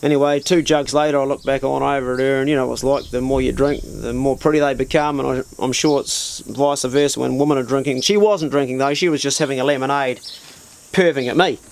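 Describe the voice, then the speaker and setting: A man's voice: mid-range voice, fairly even intonation, fairly quick, vocal fry, a little hiss or hum. A man telling a bawdy story in a casual, crude and self-mocking way, talking straight to the listener.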